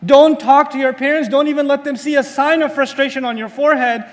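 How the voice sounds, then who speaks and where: Male preacher, very high voice, lively storyteller, quizzes the audience. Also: a little fast. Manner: asks the audience rhetorical questions; animated storytelling. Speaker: Islamic teacher. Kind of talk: sermon-style lecture.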